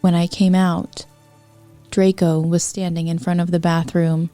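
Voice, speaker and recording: A woman reads fanfiction aloud for her podcast, slow and unhurried, with a mellow, lowish voice. She keeps stopping for wry, apologetic asides. Faint music plays underneath. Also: little pitch movement, dry recording, studio quality. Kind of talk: comedic reading aloud.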